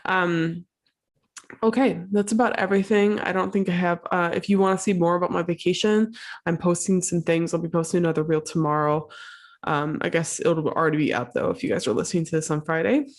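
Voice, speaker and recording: A woman's voice: lowish voice, fairly even intonation, fairly quick. A woman hosting her own podcast, talking casually and encouragingly with many fillers while sick and a little out of breath. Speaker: podcast host. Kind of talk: solo podcast monologue.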